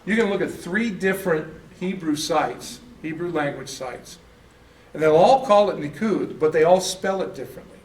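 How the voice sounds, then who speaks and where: A man teaching a church class with a slightly high voice, rambling and stumbling over his words, often asking "okay?" to check in with the room. He is picked up from a distance in an echoey room, with faint noise behind him. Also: normal speed. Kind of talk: casual classroom lecture.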